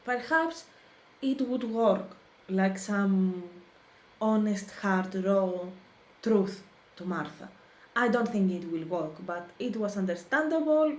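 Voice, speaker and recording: A woman's voice: mid-range voice, lively intonation, slow, reverberant. A woman hosting a reaction video, talking emotionally and hesitantly, searching for words. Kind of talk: casual reaction commentary.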